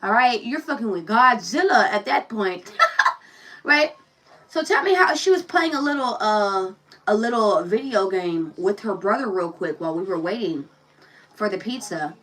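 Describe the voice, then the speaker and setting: A woman's voice: medium pitch, lively intonation, normal speed, a bit bright, far from the mic, low-quality recording. A woman giving a casual tarot reading, telling a personal story and talking bluntly and profanely straight to the viewer. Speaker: tarot reader.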